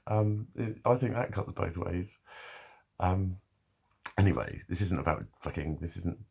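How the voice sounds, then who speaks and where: Gravelly low-voiced man, rambling. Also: unhurried, dark tone. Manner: swears a lot, laughs often, loose and chatty. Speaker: vlogger. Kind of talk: casual rambling monologue.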